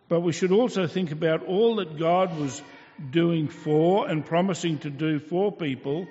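Preaching at an unhurried, deliberate pace, a man with a darkish voice set a little high for a male speaker teaches patiently and asks rhetorical questions. The audio sounds dull, with a long hall reverb hanging behind him.

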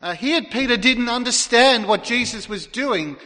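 Male pastor, high bright voice, earnest sermon delivery, big hall echo. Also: expressive, moderate pace. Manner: earnest preaching, acts out quoted lines. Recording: long hall reverb.

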